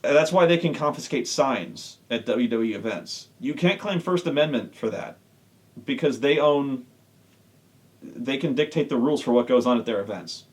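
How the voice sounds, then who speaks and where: A man's voice: medium pitch, normal speed, darkish tone. A man giving a sarcastic, profane rant as an online wrestling reviewer. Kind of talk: casual ranting commentary.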